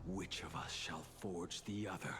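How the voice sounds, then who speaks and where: A man voicing a grim immortal swordsman bent on vengeance, speaking slowly and solemnly in a hushed, breathy half-whisper. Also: sits low. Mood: grim, menacing. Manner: slow, solemn, menacing. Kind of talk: video game voice acting. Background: game music.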